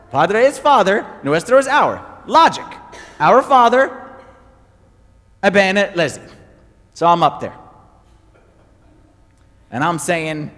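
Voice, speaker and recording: Guy pastor preaching, high voice, lots of repeating for emphasis, long hall reverb. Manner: animated storytelling, emphatic repetition. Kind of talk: sermon.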